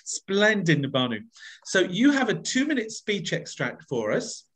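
Animated man coaching voices. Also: high voice, a little slow. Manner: playful, coaxing, modelling each phrase with exaggerated expression. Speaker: voice workshop leader. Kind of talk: online voice workshop coaching. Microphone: video call.

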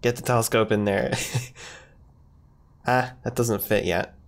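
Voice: medium pitch, fairly even intonation, unhurried. A streamer chatting casually through a cute video game, giggling often and thanking viewers. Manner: giggly, chatty, reads chat aloud. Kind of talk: casual let's-play commentary.

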